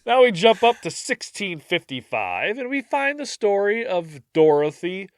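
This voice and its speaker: A man's voice: high-pitched, sing-song, measured pace. A man co-hosting a casual history podcast, telling the story in a jokey way and acting out little scenes. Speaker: podcast co-host.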